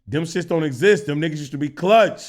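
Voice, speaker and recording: A young man telling an animated, profane story as a streamer, acting out characters and laughing often. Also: fairly high pitch, moderate pace.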